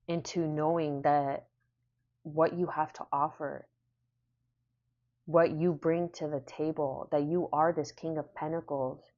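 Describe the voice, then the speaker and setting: A woman's voice: low-pitched, a little mellow, muffled recording. A woman giving a casual spoken tarot reading, repeating phrases in a soothing, affirming way. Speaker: tarot reader.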